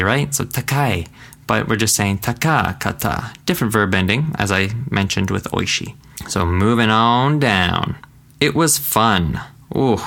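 A man teaching a casual language lesson, chatty and relaxed, slowing down to repeat phrases for practice. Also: lowish voice, gravelly.

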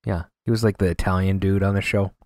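A man co-hosting a podcast in casual chat, animated and rambling, laughing often. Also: sits low, quick pace, no room sound, clean studio sound. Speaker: podcast co-host.

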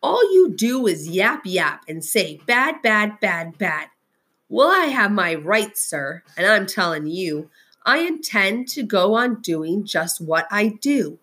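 A greedy factory owner, put on by a woman reading aloud, shouts his defiance in a raised voice. The tone is husky and stubborn, from a storybook reading. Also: mid-range voice, sing-song, takes it slowly, heavily acted. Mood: defiant.

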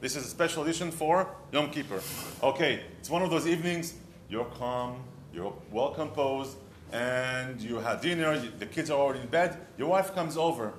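A man's voice: mid-range voice, fairly quick, a little hiss or hum. A man giving a short humorous sermon as a rabbi, telling stories and addressing the listener directly. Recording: echoey room.

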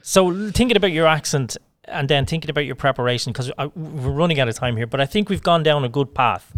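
A man's voice: on the high side, lively intonation, fast talker, no echo. A man hosting a podcast interview, chatty and enthusiastic with a rambling way of talking. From Ireland. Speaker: podcast host. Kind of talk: casual interview chat.

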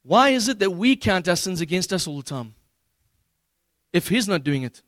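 A man preaching a sermon as pastor, retelling scripture in a relaxed, humorous way with slangy paraphrases. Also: high voice, moderate pace, no echo.

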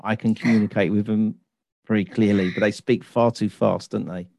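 London-accented male interviewer, warm mellow tone, dry close sound, relaxed questioning. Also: lowish voice, normal speed, gravelly, dry recording. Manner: relaxed, asks leading questions with tag questions. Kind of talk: casual interview.

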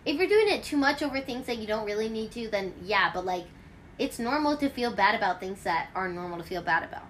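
A woman's voice: mid-range voice, a little fast, a little hiss or hum. A woman hosting a casual chat at home, rambling through stories with lots of fillers. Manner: rambling, filler-heavy, animated storytelling. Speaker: host.

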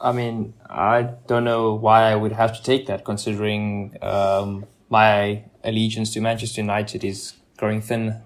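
A man hosting a casual sports podcast, relaxed and self-mocking, with frequent hesitant fillers. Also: lowish voice, measured pace, hardly any pauses. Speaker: podcast host.

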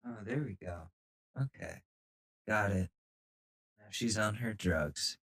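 A man's voice: on the low side, slow, fairly bright tone, husky. A man hosting a podcast, chatting casually and joking at home. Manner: laid-back, joking. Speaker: podcast host. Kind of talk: casual chat.

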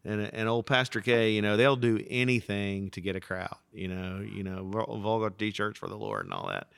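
A man who is a pastor, chatting on a podcast and telling stories in an animated, rambling way. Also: fairly low pitch, normal speed, gravelly, clear, resonant tone, dry recording. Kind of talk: casual podcast conversation.

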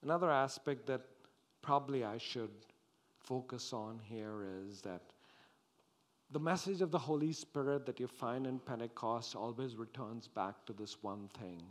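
A man preaching a sermon, slow and dramatic, rising to loud exclamations and dropping to hushed tones. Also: mid-range voice.

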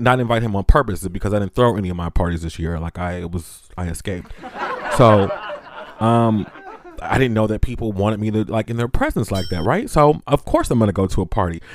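A man hosting a podcast, telling a personal story in a lively, laughing, foul-mouthed monologue that climbs high and loud when he retells his panic. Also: a little hiss or hum. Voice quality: animated, laughing, swearing freely. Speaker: podcast host.

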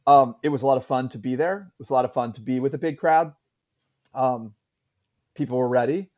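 A man's voice: mid-range voice, brisk, a little mellow. Rambling man chatting about college football. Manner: rambling, lots of "like" and restarts. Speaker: podcast co-host. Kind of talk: casual sports chat.

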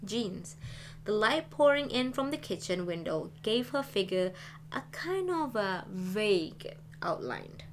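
Woman reading a novel aloud calmly. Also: mid-range voice, slight background noise. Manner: calm, measured reading. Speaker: reader.

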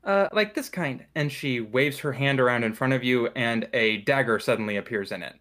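Male game master narrating a tabletop game, relaxed and descriptive. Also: mid-range voice, brisk. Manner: loose, descriptive, with fillers and restarts.

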